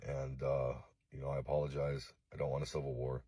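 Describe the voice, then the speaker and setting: A distraught man from Los Angeles making a halting, profane, remorseful apology video, full of fillers. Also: very deep voice, monotone, warm tone, husky, no room sound. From East Los Angeles.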